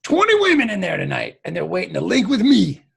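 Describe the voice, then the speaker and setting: A man's voice: fairly high pitch, fairly even intonation, fast talker, vocal fry, a bit bright, breathy edge, full character voice. A man playing a boastful, flirty male shapeshifter security chief in lazy slang.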